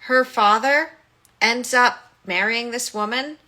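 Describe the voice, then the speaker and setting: A woman's voice: on the high side, fairly even intonation, slow pace, pushed and bright. A woman hosting a solo podcast, casually retelling a film and acting out its quoted lines. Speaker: podcast host and motherhood coach.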